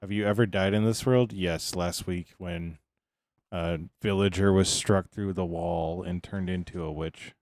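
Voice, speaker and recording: A man's voice: low-pitched, fairly even intonation, measured pace, darkish tone, no echo. A man giving casual livestream commentary as a game streamer, rambling along and answering his chat between remarks.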